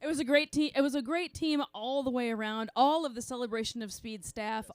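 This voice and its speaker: A woman's voice: fairly high pitch, fairly quick, smooth, no room sound. A woman announcing a race podium, bubbly and joking, laughing often as she interviews the riders.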